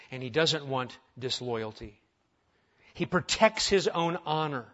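A man's voice: fairly high pitch, a bit bright, highs cut off. A male pastor preaching a conversational sermon, full of rhetorical questions and humorous asides.

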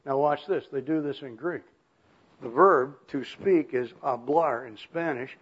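An older man preaching a sermon in a folksy way, chuckling and often clearing his throat. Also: mid-range voice, a little slow. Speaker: pastor. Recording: muffled lo-fi recording.

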